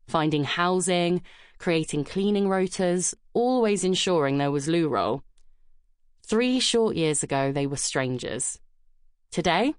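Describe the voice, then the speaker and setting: A woman narrating an audiobook in a measured, gentle storytelling manner. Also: on the low side, dry recording, clean studio sound. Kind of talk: scripted narration.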